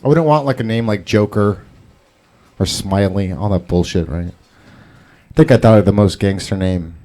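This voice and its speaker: A man's voice: fairly low pitch, moderate pace, dark tone. A man doing open mic stand-up, rambling and profane, laughing at his own jokes. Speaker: stand-up comedian. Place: comedy club stage.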